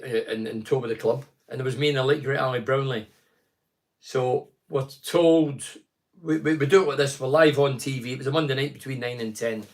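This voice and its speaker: A man's voice: mid-range voice, fairly bright tone. A middle-aged Scottish man chatting casually on a live stream, reading out viewer comments and telling stories. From Scotland. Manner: chatty, reads out viewer comments and tells anecdotes. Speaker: host of a live chat stream. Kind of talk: casual chat.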